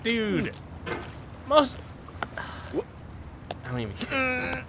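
A young man commenting on his gameplay, exasperated and raging, shouting "dude" and swinging between muttering and yelling. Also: sits high, big pitch swings, slow pace, gravelly, pauses often, a little hiss or hum. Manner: exasperated, keeps saying "dude", shouting in rage. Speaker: gaming YouTuber.

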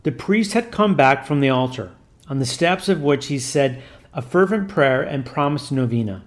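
A man's voice: medium pitch, animated, moderate pace. Solemn male storyteller. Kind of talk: scripted narration.

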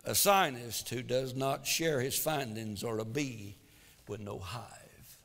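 A man preaching a sermon in a church, swinging between loud exhortation and quiet asides. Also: mid-range voice, slow, big-room sound. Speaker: pastor. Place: church sanctuary.

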